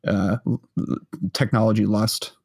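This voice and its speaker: A man's voice: fairly low pitch, level tone, unhurried, vocal fry, darkish tone, slightly rough. A man co-hosting a casual podcast chat, rambling with many restarts and frequent laughter. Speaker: podcast co-host.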